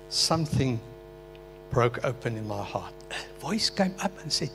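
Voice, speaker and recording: A man's voice: medium pitch, big pitch swings, unhurried, fairly bright tone, soft background music. An older man from Africa, an earnest, emotional pastor sharing his personal testimony in a sermon. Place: meeting hall.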